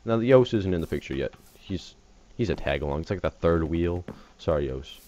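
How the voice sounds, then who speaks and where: Tired dude, super deep voice, rambly jokey game commentary, keeps getting distracted, muffled lo-fi recording. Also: male voice, lively intonation, a little fast, warm tone. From USA. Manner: rambling, joking, easily distracted. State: tired, just woke up. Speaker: gaming channel host. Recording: dull lo-fi recording with faint hiss.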